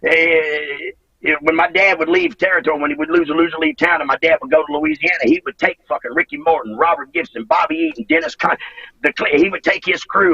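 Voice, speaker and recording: Middle-aged man, gravelly husky voice, lively rambling delivery over a muffled distant line. Interview guest. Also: high voice, no echo. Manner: profane, rambling, drawling. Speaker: interview guest, former wrestler. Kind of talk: casual storytelling interview.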